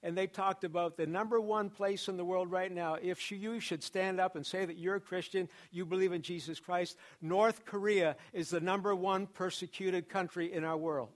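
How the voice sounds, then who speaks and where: A man's voice: high voice, fairly even intonation, normal speed, hardly any pauses. A pastor preaching a sermon to his church, building emphasis through repeated phrases. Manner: preaching with repetition and rising emphasis.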